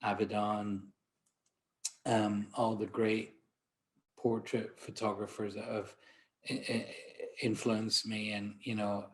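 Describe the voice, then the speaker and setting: A man's voice: fairly low pitch, monotone, slow, pauses often. A man with a Glaswegian accent, a portrait photographer giving a conference talk, telling chatty, self-deprecating stories with frequent restarts. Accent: Scottish, Glaswegian. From Glasgow, Scotland. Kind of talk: anecdotal presentation.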